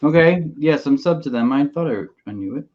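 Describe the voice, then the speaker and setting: A man's voice: a little high, expressive, fairly quick. A man from Pennsylvania joining a live stream, joking around and teasing. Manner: joking, playful. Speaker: stream guest. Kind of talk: casual live-stream chat. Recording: muffled web-call audio.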